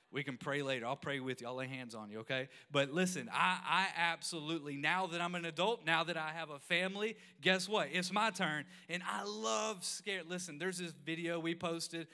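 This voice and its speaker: Bright, forceful preacher man. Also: a little high, moderate pace, smooth. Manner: animated, self-mocking, bursts of loud exclamation. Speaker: pastor. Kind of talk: storytelling sermon.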